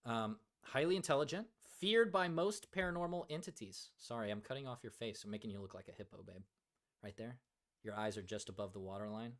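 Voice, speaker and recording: A man's voice: mid-range voice, a little fast, a bit bright. A man hosting a casual livestream, joking around and reading viewer comments aloud. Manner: joking, reads chat aloud, many fillers. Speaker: livestream host.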